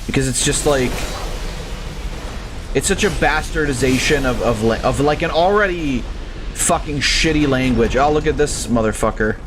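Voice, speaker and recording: Young man, game streamer, casual commentary, rambling, swears a lot, mid-pitched voice. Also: normal speed, noisy background. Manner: rambling, profane, ranting.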